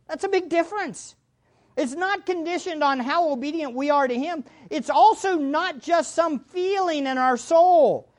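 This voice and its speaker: Slow, emphatic woman preaching a sermon. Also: high voice. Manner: emphatic, repeats key phrases, swings between loud and hushed; addresses the congregation directly.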